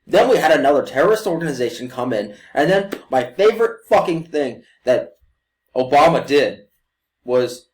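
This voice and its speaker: A man's voice: a little high, very animated, normal speed. A young man hosting a reaction video, ranting emotionally with lots of swearing and mocking impressions. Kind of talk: profane ranting commentary. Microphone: desk USB mic.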